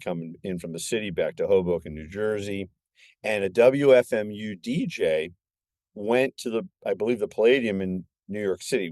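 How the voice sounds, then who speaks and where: A man in his sixties, a filmmaker guest on a podcast, telling stories in an animated, excitable way. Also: on the low side, no room sound, studio quality. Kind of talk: casual podcast chat.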